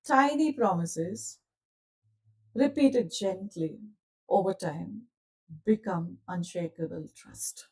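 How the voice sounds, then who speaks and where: A woman leading a live online coaching session, speaking gently and calmly and asking her listeners questions directly. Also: on the low side, takes it slowly, pauses often, recorded from a distance, low-quality recording. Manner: gentle, calm, soothing delivery. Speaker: self-development coach.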